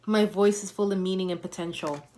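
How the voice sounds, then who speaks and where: A woman's voice: mid-range voice, fairly even intonation, a little fast, warm tone, a little hiss or hum. A woman giving a motivational livestream talk, coaching listeners with emphatic, repeated affirmations and punchy slang.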